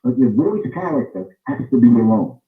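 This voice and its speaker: A man talks through his views in an interview, pressing his points and repeating them for stress. His voice sits at an ordinary pitch. It comes through thin and phone-like, from a distance in a roomy space. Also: sing-song, moderate pace. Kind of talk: interview answer, explaining. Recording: tinny phone-like sound, roomy, off-mic.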